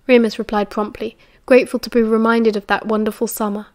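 A woman with a British accent reading an audiobook in an even, measured way. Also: a little high. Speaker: audiobook reader. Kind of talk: audiobook narration.

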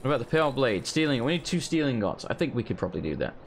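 Animated, swearing gameplay commentator man. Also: mid-range voice, rapid-fire, a little hiss or hum. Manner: laughs often, swears casually. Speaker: let's play host.

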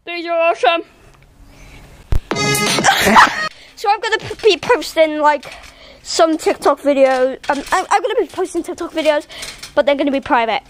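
A woman vlogging casually, giggly and excitable, laughing often as she talks. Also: high-pitched, a little slow, pauses often. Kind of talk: casual face-filter vlog. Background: background music.

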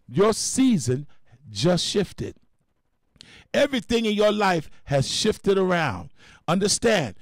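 A man's voice: sits high, a little mellow, no room sound, studio quality. A man who is a bishop preaching a storytelling sermon on gospel radio, with a folksy, dramatic style. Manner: folksy, dramatic preaching with repeated call-outs.

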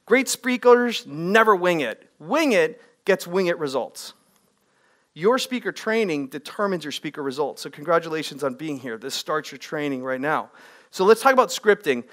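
A middle-aged man giving an energetic live workshop on speaking to a room of people, often putting questions to the audience. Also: fairly high pitch, normal speed.

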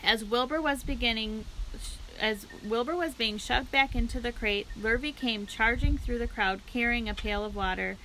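A woman library storyteller reading a children's book aloud with steady, clear narration. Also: on the high side, moderate pace, slight background noise, low-quality recording.

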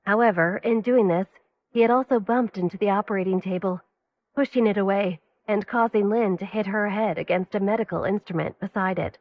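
A woman reads a dramatic story in a steady, even narrating voice. Her pitch sits in the middle of the range. The recording is dull and lo-fi. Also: a little fast. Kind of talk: scripted audiobook narration.

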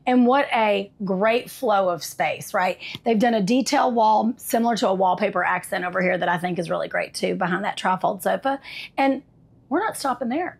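Husky-voiced sassy woman touring a trailer. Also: on the high side. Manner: sassy, chatty, calls viewers honey and y'all. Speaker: RV tour host. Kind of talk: enthusiastic walkthrough review. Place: inside a travel trailer.

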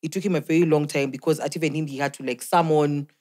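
A woman's voice: deep voice, fairly even intonation, fast talker, a little mellow. A Kenyan woman co-hosting a podcast, arguing her point in an earnest, insistent way. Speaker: podcast co-host. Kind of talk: casual chat.

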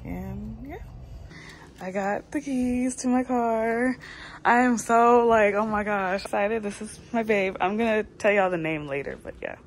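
A young woman from the United States chats to the camera in an unhurried, relaxed way, playful and quick to tease herself. Noise is clearly heard behind her voice. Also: mid-range voice. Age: young adult. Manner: chatty, playful, self-teasing. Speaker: vlogger. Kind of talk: casual vlog chat to camera.

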